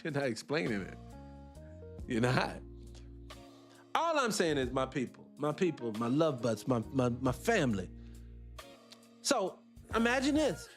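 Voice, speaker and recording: Unhurried and pausing often, a middle-aged American livestream host speaks at medium pitch, his intonation swooping wildly. With faint music behind him, he talks emphatically and keeps throwing out rhetorical questions.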